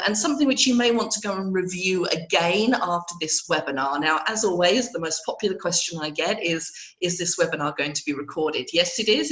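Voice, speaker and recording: A woman, an IT trainer, hosting a live training webinar while hoarse and congested from a cold, chatty and laughing at herself. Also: on the low side, a bit bright, roomy sound, low-quality recording.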